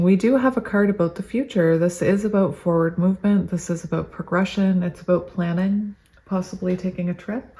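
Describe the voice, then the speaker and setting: Chatty woman with a mellow voice. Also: lowish voice, a little hiss or hum. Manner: chatty, gushing, thinks aloud with small laughs. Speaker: tarot reader. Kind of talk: casual tarot reading to camera.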